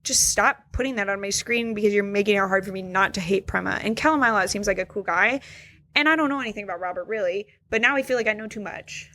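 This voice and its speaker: A young woman co-hosts a casual podcast, sarcastic and animated, often leaping into high, mocking impressions. Her voice sits at an ordinary middle pitch and sounds dry and close, with no room around it. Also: quick pace, no room sound. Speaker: podcast co-host. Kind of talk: casual chat.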